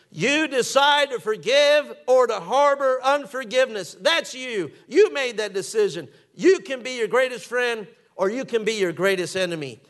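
High-voiced man preaching a sermon. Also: fairly bright tone. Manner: preaching with emphatic repetition and calls to the congregation; reads scripture in old-fashioned phrasing. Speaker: pastor.

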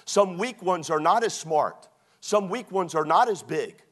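Male pastor, sermon, high voice with big pitch swings, mocking asides. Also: measured pace. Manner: animated, mocking, preaching with quoted put-on voices.

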